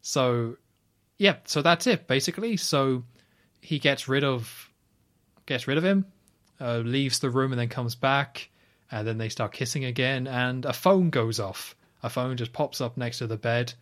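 A man co-hosting a podcast, casually recapping a film scene by scene with quick asides. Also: mid-range voice, a bit bright. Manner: retells scenes at length, chatty with quick asides. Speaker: podcast co-host.

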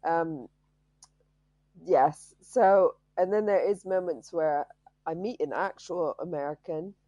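A woman's voice: lowish voice, takes it slowly, warm tone, dry recording, dull audio. A woman hosting a podcast in casual chat, playful and joking, her voice a little tired. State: voice tiring. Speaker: podcast host.

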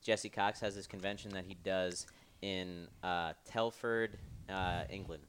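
Young adult male guest, low and smooth voice, relaxed rambling storytelling. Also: measured pace. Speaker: podcast guest. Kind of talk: casual storytelling.

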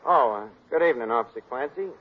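A man playing a lively wisecracking bar manager. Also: medium pitch, quick pace, lightly acted. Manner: wisecracking, tough, laughs a lot. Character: fast-talking male bar manager, schemer. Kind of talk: 1940s radio comedy acting. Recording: dull, slightly noisy old radio recording.

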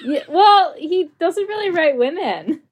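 A woman's voice: very high voice, animated, measured pace, slight background noise. A woman co-hosting a comedy podcast over a video call, frank and confessional with dry humor. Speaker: podcast co-host. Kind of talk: comic conversational chat.

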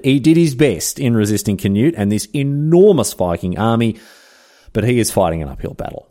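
Lively man telling history. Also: fairly low pitch. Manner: chatty and irreverent, full of slang asides. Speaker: podcast host. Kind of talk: casual history storytelling.

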